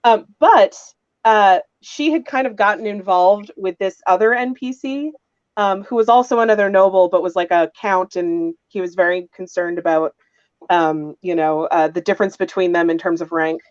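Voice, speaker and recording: A woman's voice: medium pitch, moderate pace, dry recording, highs cut off. A woman on a roundtable panel, telling a rambling, chatty story about her tabletop game.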